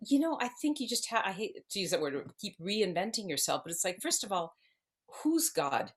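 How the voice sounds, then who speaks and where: A woman's voice: medium pitch, big pitch swings, moderate pace, slightly rough. A woman around sixty, an actress guest, telling her story in a rambling way and circling back to where she began. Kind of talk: casual interview storytelling.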